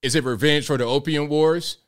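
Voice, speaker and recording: A man delivering an opinionated monologue, animated, with frequent stammering restarts. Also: fairly high pitch, brisk. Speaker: political commentator.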